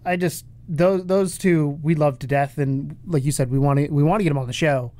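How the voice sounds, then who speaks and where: A man co-hosting a casual podcast, telling stories in a quick, animated way with frequent restarts. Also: fairly high pitch. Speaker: podcast co-host and interviewer. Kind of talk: casual chat.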